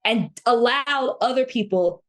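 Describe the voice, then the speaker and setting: A passionate woman in her thirties co-hosting a podcast. She speaks with indignant conviction, and her voice sits a little high. She often restarts and repeats her phrases as she presses her point. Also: unhurried, fairly bright tone. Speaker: podcast co-host. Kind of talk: heated casual chat.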